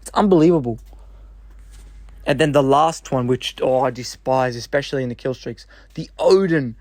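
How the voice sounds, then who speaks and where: A man's voice: mid-range voice, moderate pace, darkish tone, no echo. Exasperated man ranting about a game. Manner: exasperated, swearing, blunt; rambling with restarts and sighs. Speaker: gaming commentator. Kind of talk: unscripted rant.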